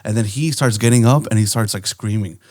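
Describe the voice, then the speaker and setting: A man co-hosting a podcast, telling a story in an animated way, often laughing and acting out voices. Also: lowish voice, fairly quick. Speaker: podcast co-host. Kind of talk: casual storytelling chat.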